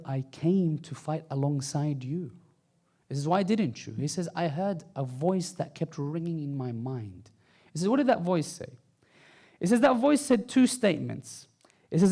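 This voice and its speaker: A man delivers an impassioned sermon in a somewhat high, gravelly voice. He moves from hushed, low lines into loud, lifted peaks and works in recited Arabic phrases. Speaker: speaker. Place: mosque hall.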